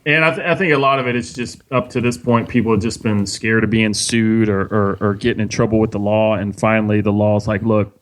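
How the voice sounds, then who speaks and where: A man's voice: on the low side, level tone, fairly quick, few pauses, low-quality recording. A man from South Texas with a slight Southern twang, a podcast guest answering questions hesitantly with many fillers. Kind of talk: casual interview answers.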